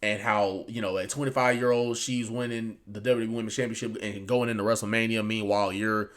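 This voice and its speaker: A man's voice: on the low side, level tone, fairly quick, a bit bright. A man giving casual, rambling reaction commentary on a show, with lots of fillers and restarts. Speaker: wrestling commentary YouTuber.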